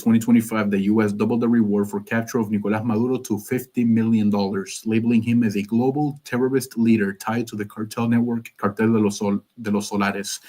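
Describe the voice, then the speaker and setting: A man's voice: on the low side, a little mellow. A man of Cuban background hosting a live stream, giving casual, rambling political commentary and reading sources aloud with jokes.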